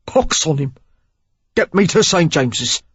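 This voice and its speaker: A woman reading an audiobook, voicing an injured young Cockney man who talks roughly and gasps out harsh orders. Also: on the high side, animated, unhurried, fairly bright tone, no echo, muffled recording, full character voice. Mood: harsh, urgent.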